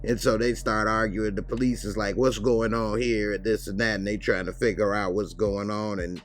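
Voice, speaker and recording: This reviewer's voice is lowish and a bit bright, with fairly even intonation. He casually goes over a TV episode, loosely retelling scenes and quickly acting out lines.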